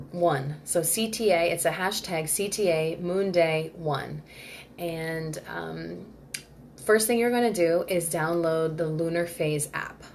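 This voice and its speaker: A woman with a low voice, hosting a live online workshop. She talks in a loose, rambling way, full of fillers and restarts. She stops now and then to answer viewers by name. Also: slight background noise. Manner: chatty, reads viewer comments aloud and answers them. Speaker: Ayurveda workshop host. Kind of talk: live-streamed workshop talk.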